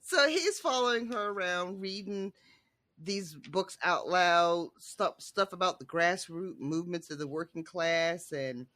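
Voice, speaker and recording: A man's voice: high voice, lively intonation, a little slow, sharp tone, no room sound, clean studio sound. A man co-hosting a podcast in casual chat, recapping the story with plenty of swearing. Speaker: podcast co-host.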